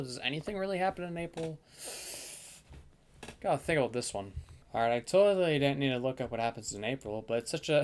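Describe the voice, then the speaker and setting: A young man casually ranking the months of the year in a tier list, rambling and thinking aloud with lots of fillers. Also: mid-range voice. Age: young adult.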